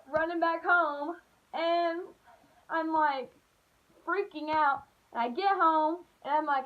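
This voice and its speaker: Woman, high-pitched, animated vlog storytelling, dull lo-fi sound. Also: slow. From Appalachian United States. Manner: animated storytelling, acting out voices, lots of "like". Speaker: vlogger. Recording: dull lo-fi recording.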